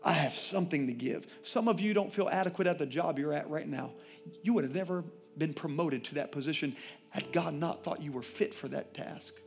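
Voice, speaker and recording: A male pastor preaching a sermon, swinging from loud, impassioned declarations to quiet, intimate asides. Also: fairly high pitch, fairly quick, gravelly, soft background music.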